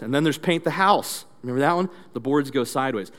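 A male pastor giving an interactive sermon through animated storytelling, leading the audience in call-and-response drills. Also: mid-range voice, quick pace. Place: church. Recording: long church reverb.

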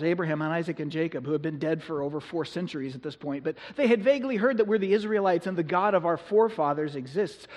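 A man's voice: on the high side, lively intonation. Earnest male pastor in an echoey hall. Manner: earnest, conversational, slows for emphasis. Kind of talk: sermon.

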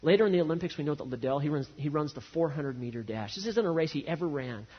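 A man preaching a sermon, swinging from loud emphasis to hushed, quiet lines. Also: a little high, expressive, fast talker, husky, highs cut off. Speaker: pastor.

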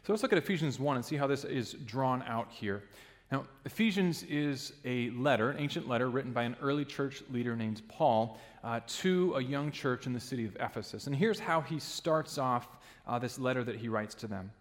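A man's voice: mid-range voice, expressive, moderate pace, big-room sound. A man preaching a sermon in a church, earnest and emphatic, sometimes restarting a phrase.

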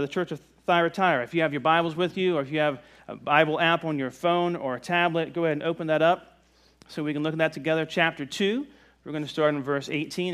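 A man from the Virginia mountains preaching a sermon in a relaxed, conversational way, joking with the congregation. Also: fairly high pitch. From Virginia mountains, USA. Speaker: pastor. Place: church service.

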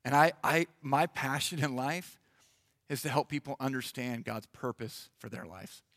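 A man preaching in church, lively and animated, acting out little voices for the congregation. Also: medium pitch, normal speed, no room sound, clean studio sound, in a large hall. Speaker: pastor. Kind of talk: sermon. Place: church hall.

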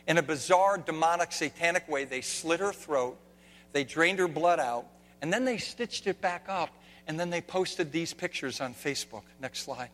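A man preaching a sermon, swinging from hushed, quiet lines to loud, shouted ones. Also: on the high side, normal speed. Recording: long reverb of a hall, faint hum.

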